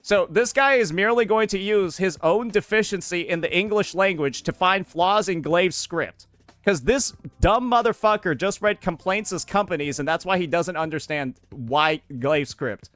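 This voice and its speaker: A man's voice: high voice, normal speed, a bit bright, soft background music. A man giving a profane, exasperated reaction commentary, ranting about a video he is watching.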